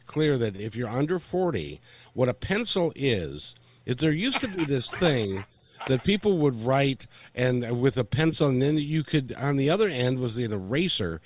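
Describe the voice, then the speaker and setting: A man's voice: medium pitch, dry recording. An older man hosting a casual panel talk, joking and often restarting his sentences. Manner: joking, self-interrupting, lively. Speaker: talk show host.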